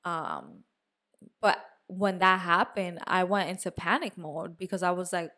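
Animated young woman telling a story. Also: on the low side, a little slow. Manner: animated storytelling, swears and slips into Spanish words. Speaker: podcast co-host. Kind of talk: casual chat.

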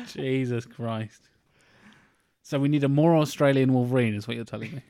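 A man's voice: mid-range voice, vocal fry, warm tone, dry recording, clean studio sound. A man co-hosting a podcast, joking around, laughing and swearing casually. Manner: jokey, quick to laugh, swears. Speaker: podcast co-host. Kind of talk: casual chat.

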